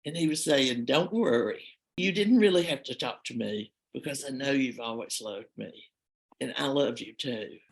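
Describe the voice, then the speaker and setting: An older woman telling a personal story in a heartfelt, halting, emotional way. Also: a bass voice, gravelly, slight background noise, poor audio. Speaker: storyteller guest.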